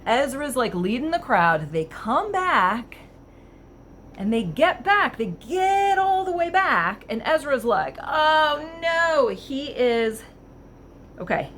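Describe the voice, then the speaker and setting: A woman casually reading passages aloud and commenting on them with wry amusement, thinking out loud with fillers. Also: on the high side, very animated, slow, slight background noise. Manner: wry, chatty, laughs at the text. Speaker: vlogger.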